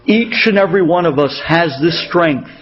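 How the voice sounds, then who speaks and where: A man's voice: fairly high pitch, moderate pace, muffled recording, soft background music. A man telling an inspirational story dramatically, repeating phrases and weaving in Hebrew terms.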